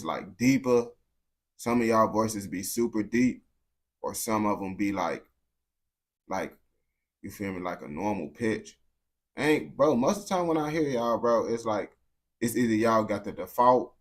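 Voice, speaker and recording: A young American man streaming to his chat, talking bluntly in heavy slang, often restarting and repeating words. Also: lowish voice. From United States. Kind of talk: casual unscripted rant to viewers.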